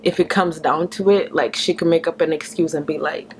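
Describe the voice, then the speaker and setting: A woman with a lowish voice tells a painful personal story straight to camera. She stumbles and restarts often, and she drops to a whisper when she quotes others. A faint hiss sits under the recording. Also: fairly even intonation. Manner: tense, halting retelling with many restarts and whispered quotes. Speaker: vlogger.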